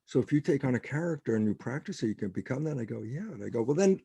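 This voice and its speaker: A man's voice: mid-range voice, lively intonation, rapid-fire, vocal fry, warm tone, husky, no echo. An older man, a guest biologist on a podcast interview, telling stories with animation and acting out quoted dialogue. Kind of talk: interview conversation.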